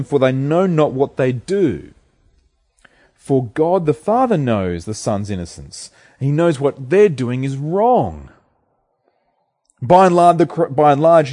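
A man's voice: mid-range voice, warm tone. A man preaching an earnest, emphatic sermon, asking his listeners rhetorical questions.

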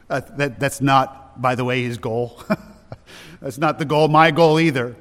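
Male pastor, slightly high voice, chatty sermon with asides, church reverb. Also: fairly even intonation, measured pace, long pauses, a bit bright. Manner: conversational with self-interruptions and asides. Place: church sanctuary. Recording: hall reverb.

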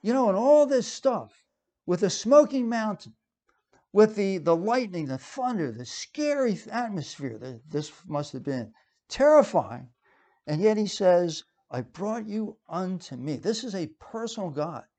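A man's voice: high voice, big pitch swings, measured pace, a little mellow. A man preaching a sermon in a conversational way, with frequent fillers and restarts.

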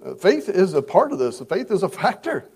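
Lively high-voiced pastor preaching. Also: male voice, moderate pace, husky. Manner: conversational, acts out quoted voices. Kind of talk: verse-by-verse sermon. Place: church service.

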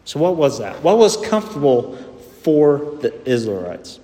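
A man's voice: a little high, big pitch swings, moderate pace, dark tone. A man preaching a sermon in a church, often putting rhetorical questions to his listeners. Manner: asks the congregation rhetorical questions. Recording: echoey hall with long reverb.

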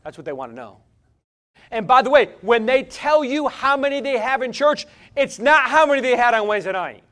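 A man preaching from the pulpit in a notably high voice. He drives his points hard and loud, then drops almost to a murmur for emphasis, with a fast, restless delivery. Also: very animated. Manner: swings from loud exhortation to hushed intensity. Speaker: pastor. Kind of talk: sermon.

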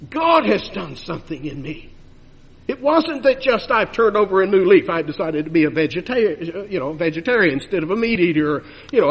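Male preacher, emphatic sermon, high husky voice, long reverb of a church. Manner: emphatic, swinging between loud urging and hushed lows.

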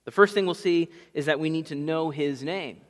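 Male pastor, sermon, chatty teaching with asides, somewhat high voice, long hall reverb. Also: normal speed. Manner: conversational teaching with asides to the congregation.

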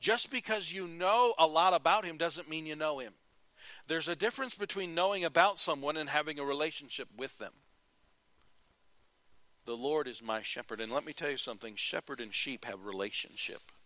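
A man preaching a sermon in an earnest style, rising to emphatic calls and dropping quiet. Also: a little high, a little fast, dry recording. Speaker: pastor.

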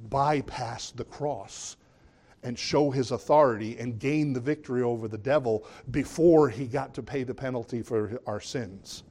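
In his sermon, the pastor is lively, his voice surging into loud, high emphasis before sinking down for quieter asides.

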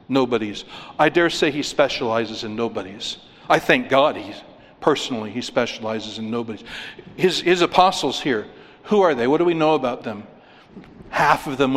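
A pastor preaching a sermon, emphatic, asking rhetorical questions and repeating words for stress. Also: male voice, on the high side. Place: church sanctuary. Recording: long reverb of a church hall.

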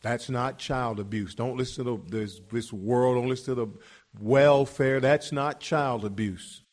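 A man's voice: mid-range voice, unhurried, a little mellow. A middle-aged man preaching a sermon emphatically, repeating words as he builds each point.

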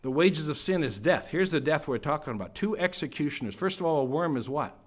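In church, a man delivers a sermon to his congregation, his voice a little high with lively intonation and a brisk pace. He fires off plenty of rhetorical questions, now and then falling to a hush.

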